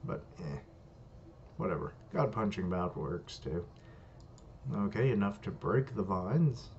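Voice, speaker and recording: A low-voiced man reacts live to a manga chapter, dropping wry, casual remarks as he reads. The recording is dull and lo-fi, with faint hiss behind him. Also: lively intonation, slow, pauses often, darkish tone. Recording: muffled lo-fi recording.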